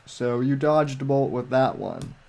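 A man chatting casually on a livestream, rambling with frequent restarts and halting phrases. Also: medium pitch, gravelly, darkish tone. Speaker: livestream guest. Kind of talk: casual chat.

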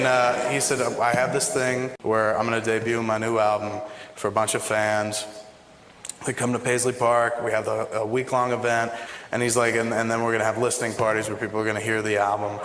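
A man's voice: medium pitch, slight background noise. A man telling a long, profane anecdote in a casual way, acting out the dialogue as he goes. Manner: animated, profane, acts out dialogue. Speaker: guest storyteller. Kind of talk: casual storytelling. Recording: roomy hall with faint ambience.

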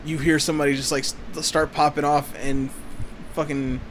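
Man, casual chat, slightly higher voice, cursing and rambling, faint noise behind. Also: little pitch movement, moderate pace. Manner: profane, rambling, restarts.

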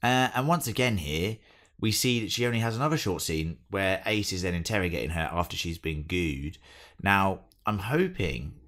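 A man's voice: low voice, expressive, normal speed, fairly bright tone. An English man co-hosting a podcast, chatting casually as he recaps an episode from his notes. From England. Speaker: podcast co-host. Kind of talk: casual chat.

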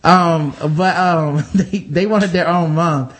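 A man with a high voice talks on a casual podcast. He rambles loosely from one comic riff to the next, swearing freely. He drops into mock voices to act out the people he is describing. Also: slow pace, fairly bright tone.

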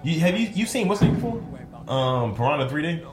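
A man's voice: a little high, fairly quick, roomy sound, faint music behind. A man co-hosting a casual podcast, telling crude stories and acting out the people in them. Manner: animated storytelling with lots of impressions. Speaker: podcast co-host. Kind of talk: casual explicit podcast banter.

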